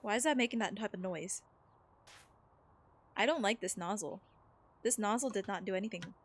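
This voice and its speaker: A woman's voice: mid-range voice, normal speed, breathy edge. A woman streaming a game, chatting casually with viewers in a rambling, filler-heavy way and reading chat messages aloud. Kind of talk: casual chat while gaming.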